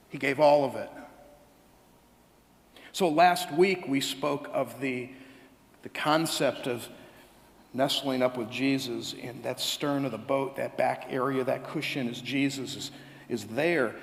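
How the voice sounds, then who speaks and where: A man preaching a conversational sermon as pastor, telling stories in an animated way and acting out both sides of little dialogues. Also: medium pitch, takes it slowly, creaky, long pauses. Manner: animated storytelling, acts out dialogues with God. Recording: echoey hall.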